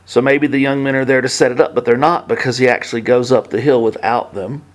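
Man in his fifties, informal halting preacher, shifts from quiet to emphatic. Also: medium pitch, fairly even intonation. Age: 50s. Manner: conversational, halting with many restarts, swings between hushed and emphatic. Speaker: pastor. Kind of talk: sermon.

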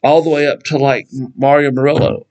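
A man's voice: on the high side, little pitch movement, fairly quick, a little mellow, highs cut off. Casual storytelling male preacher. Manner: conversational, storytelling, acts out dialogue. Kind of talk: casual sermon with Bible teaching.

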